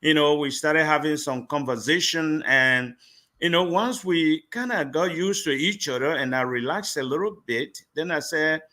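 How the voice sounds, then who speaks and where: A man's voice: on the high side, normal speed, pushed and bright. A middle-aged pastor from Liberia, a guest telling his life story in an interview and animatedly acting out the dialogue he recalls.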